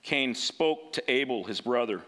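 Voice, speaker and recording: A man's voice: mid-range voice, lively intonation, a little slow, sharp tone. A man preaching a sermon in a conversational way, often asking rhetorical questions and checking in with "right?".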